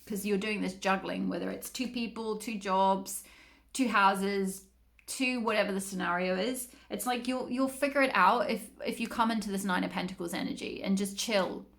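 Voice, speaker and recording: A woman doing a relaxed tarot reading for her channel, talking in a loose, rambling way packed with fillers. Her voice has a gravelly, fry-tinged texture at a middling pitch. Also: moderate pace. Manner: chatty, rambling, many fillers. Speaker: tarot reader. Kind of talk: casual spoken tarot reading.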